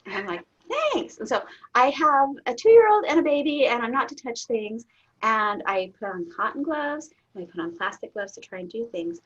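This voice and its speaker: A middle-aged woman, a guest in an interview, telling a personal story candidly, laughing often and getting suddenly loud. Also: a little high, lively intonation, normal speed, husky. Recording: dull lo-fi audio.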